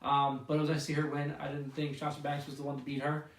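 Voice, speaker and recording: A man's voice: fairly high pitch, completely flat delivery, quick pace, recorded from a distance. Opinionated man co-hosting in an echoey room. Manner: opinionated, stumbling restarts. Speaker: podcast co-host. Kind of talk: casual chat about pro wrestling. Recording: roomy echo, away from the mic.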